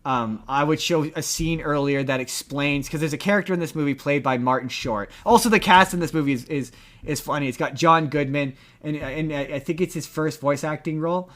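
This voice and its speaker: A man co-hosting a podcast in casual chat, retelling a film scene by scene and acting out its lines. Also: fairly high pitch. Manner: animated, acts out movie lines in quick retellings. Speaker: podcast co-host.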